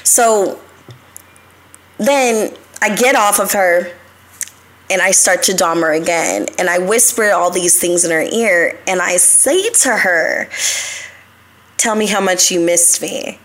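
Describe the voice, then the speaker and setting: A woman's voice: lowish voice, slow pace, fairly bright tone. A young adult woman hosting a live show, telling stories in a casual, confessional way, swearing freely and talking straight to her listeners.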